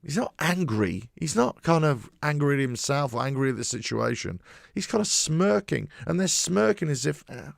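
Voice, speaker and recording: A man's voice: on the high side, expressive, normal speed, creaky, dry recording, studio quality. A man hosting his own football channel, giving an emphatic, frustrated solo commentary. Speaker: football fan channel host.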